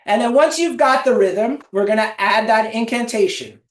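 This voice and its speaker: A woman's voice: on the high side, moderate pace. A woman presenting a webinar, leading listeners through a guided exercise and chanting affirmations with them in an encouraging way. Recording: echoey room, mic at a distance.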